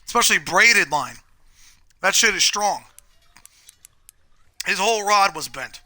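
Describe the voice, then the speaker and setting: A man's voice: sits high, expressive, measured pace, heavy background noise. A man chatting casually on a live game stream, telling rambling, profane stories while he plays.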